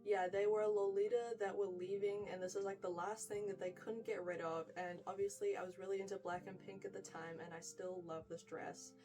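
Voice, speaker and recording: A woman's voice: mid-range voice, steady tone, fairly quick, few pauses, mellow, far from the mic, faint music behind, poor audio. A young woman with a New Zealand accent giving a chatty, gushing wardrobe tour, full of "like" and "freaking". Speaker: fashion vlogger.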